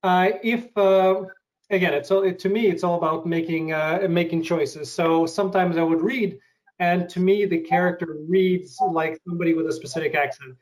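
A man interviewing and sharing his acting experiences, thoughtful and hesitant with many pauses. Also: high-pitched, fairly even intonation, darkish tone, rough recording. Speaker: interviewer and actor. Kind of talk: casual interview.

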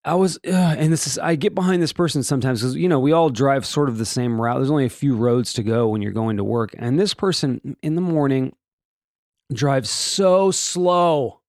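A man's voice: medium pitch, moderate pace, darkish tone, no echo, studio quality. A man hosting a casual solo daily podcast, rambling and joking through the day's items with many restarts and asides. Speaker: podcast host.

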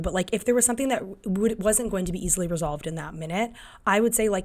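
A woman's voice: lowish voice, fairly quick. Chatty woman giving parenting advice. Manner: conversational, many fillers and restarts, acts out quotes. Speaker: podcast host and parent. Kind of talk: casual advice monologue.

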